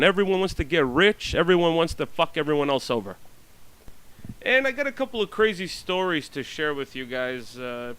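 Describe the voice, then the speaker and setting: A man's voice: mid-range voice, a bit bright, low-quality recording. A man telling rambling stories in a blunt, profane monologue, full of fillers and restarts. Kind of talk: ranting storytelling monologue.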